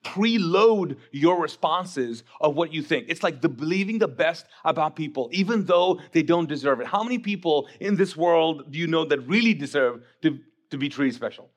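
Animated pastor, man preaching. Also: on the high side, normal speed, few pauses. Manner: animated, acts out voices of Bible figures, joking asides. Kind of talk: sermon.

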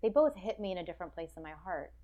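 A woman's voice: lowish voice, quick pace, narrow, tinny audio. An American woman guest on a podcast, talking in a casual, reflective way with lots of "like" and restarts. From United States. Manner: animated, reflective, full of "like" and restarts. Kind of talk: casual interview chat.

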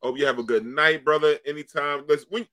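A man hosting a casual podcast chat, joking and animated, with plenty of slang. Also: fairly high pitch, brisk, no room sound. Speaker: host.

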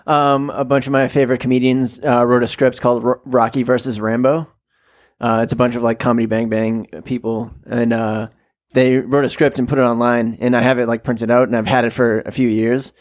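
Dude co-hosting a podcast, rambly, lots of um and like, just chatting. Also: male voice, medium pitch, flat delivery, a little fast. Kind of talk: casual chat.

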